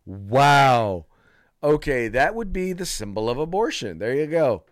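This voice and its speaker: A man's voice: medium pitch, big pitch swings, measured pace, no room sound, studio quality. Laughing male podcast co-host. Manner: laughs often, repeats himself. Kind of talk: casual political chat.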